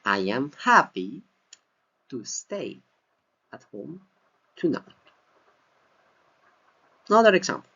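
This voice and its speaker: A man whose first language is Spanish, teaching English pronunciation and stressing each word slowly and clearly. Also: medium pitch, very animated, bright, forceful tone. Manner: exaggerated word stress, repeats words slowly. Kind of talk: slow deliberate pronunciation lesson. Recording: slightly dull lo-fi recording.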